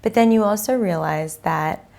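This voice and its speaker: A woman's voice: mid-range voice, normal speed, vocal fry, darkish tone. A woman in her thirties, a prenatal class teacher, talking openly and reflectively in an interview, with many fillers. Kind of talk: candid interview conversation.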